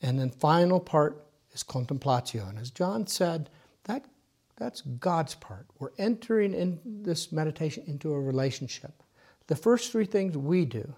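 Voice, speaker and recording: A man leading a small group through a guided prayer meditation, speaking gently and instructively and at times dropping to a near whisper. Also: a little high, expressive, moderate pace, husky. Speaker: meditation leader.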